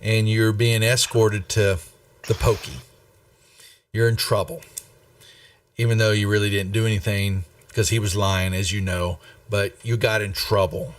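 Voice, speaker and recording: Slow, rambling male game master. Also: lowish voice, level tone, recorded from a distance. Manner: unhurried, rambling with many fillers. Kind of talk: narrating a tabletop game.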